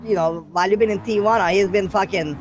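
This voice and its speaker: A man's voice: sits high, fairly even intonation, fast, soft background music. A man talking in character during role-play, rambling, swearing often and laughing at his own stories. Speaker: role-play gang member.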